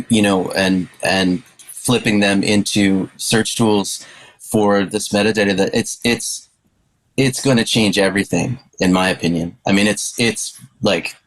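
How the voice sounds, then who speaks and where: A man on a panel discussion talking with excited enthusiasm, stammering and restarting his sentences as he goes. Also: fairly low pitch, poor audio.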